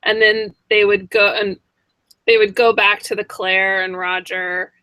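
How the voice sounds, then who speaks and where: Chatty woman with a bright, dry voice. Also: medium pitch, little pitch movement, a little slow, smooth, no echo. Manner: chatty, full of fillers. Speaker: co-host. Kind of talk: casual chat in an online hangout. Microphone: video call.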